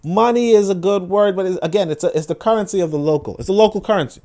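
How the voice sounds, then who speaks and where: A young man hosting a book-reading show, giving animated casual commentary, full of restarts and mocking acted-out voices. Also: high voice, fast talker. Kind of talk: casual commentary on read passages.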